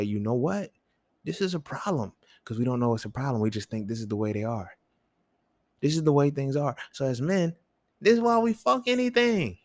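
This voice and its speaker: A young man riffs alone on his podcast in loose, profane street slang, his voice gravelly and full of fry. He keeps asking the listener questions that leap up in pitch. The sound is dry and close, with no room around it. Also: no room sound. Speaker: podcast host. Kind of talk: casual solo monologue.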